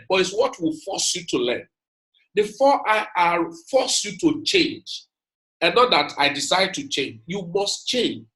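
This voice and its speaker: A man delivers an emphatic motivational lecture, repeating his points and calling out to his audience. His voice is high-pitched and fairly bright, captured with poor audio.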